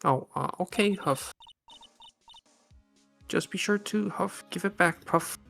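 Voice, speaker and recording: A man's voice: fairly high pitch, animated, slow, creaky, fairly bright tone, soft background music, heavily acted. A man voicing a cranky old woman guard, wheezing and huffing between words while reading game dialogue aloud. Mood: winded.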